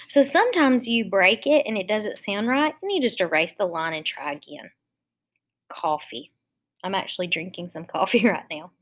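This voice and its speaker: A woman teaching a phonics lesson to young children, explaining each step slowly and patiently. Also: medium pitch, big pitch swings.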